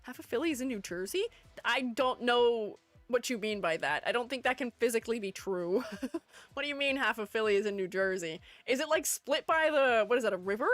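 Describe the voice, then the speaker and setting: Woman streamer, bright-pitched and very animated, playful chat with viewers, dry close mic. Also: brisk, dry recording, faint music behind. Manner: chatty and playful, reading chat aloud and answering it. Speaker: streamer ranking game character designs. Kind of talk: casual livestream chat, greeting viewers.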